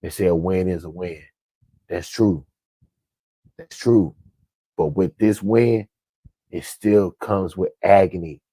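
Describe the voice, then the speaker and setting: A man ranting bluntly with a deep, dark, husky voice. He talks slowly and drags out his words. The sound is dry and close, with hardly any room around it. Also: dry recording. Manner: blunt, profane, emphatic. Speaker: sports commentator vlogger. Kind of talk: ranting fan commentary.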